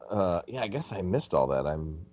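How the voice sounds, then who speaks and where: Male podcast co-host, extremely low voice, halting and self-deprecating, muffled recording. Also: very animated, darkish tone. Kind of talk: casual chat.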